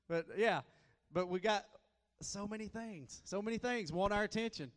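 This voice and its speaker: A man preaching a sermon as a guest preacher, folksy and repetitive, swinging between loud and soft. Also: high voice, moderate pace, few pauses, big-room sound.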